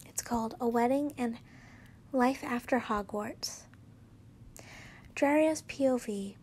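Slow, halting woman reading fanfiction. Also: fairly high pitch, a little mellow, husky. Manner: halting, frequent restarts and self-corrections. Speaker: fanfiction reader. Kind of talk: casual reading aloud.

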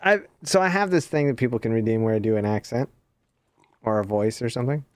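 A man in his forties hosting a game stream, easygoing and quick to laugh. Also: medium pitch, smooth, no echo. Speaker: streamer host. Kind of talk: casual gaming chat.

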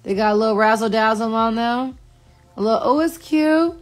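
A middle-aged woman in casual chat to camera, relaxed and slangy, bantering playfully with her daughter. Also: fairly high pitch, normal speed, faint music behind. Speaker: vlogger and mother.

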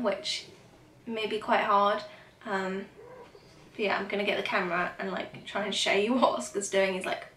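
A woman's voice: medium pitch, a bit bright, slight background noise. A young woman chatting casually to camera at home as a vlogger, rambling with lots of fillers. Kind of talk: casual vlog talk to camera. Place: at home, indoors. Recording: echoey room, mic at a distance.

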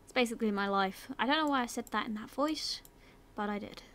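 A woman's voice: a little high, brisk, a bit bright. A woman with a sore throat giving casual commentary on her gameplay, chatting away and talking to her game characters. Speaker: gaming video host.

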